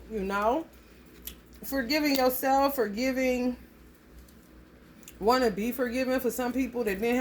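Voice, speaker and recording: A woman's voice: a little high, a little hiss or hum. Blunt, profane woman doing a casual reading. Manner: loose, rambling delivery. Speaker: astrology reading vlogger. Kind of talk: casual spoken reading to viewers.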